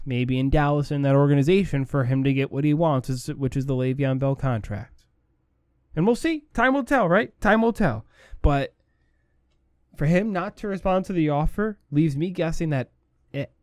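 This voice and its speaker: A man's voice: a little high, darkish tone, dry recording, studio quality. A man hosting a sports talk show, giving opinionated commentary and repeating his points for emphasis.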